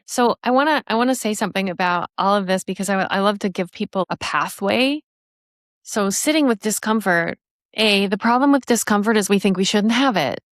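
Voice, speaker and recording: A woman in her fifties hosting a podcast, telling stories in an animated, emphatic way. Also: mid-range voice, brisk, dry recording, studio quality. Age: 50s. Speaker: podcast host. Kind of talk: casual chat, storytelling.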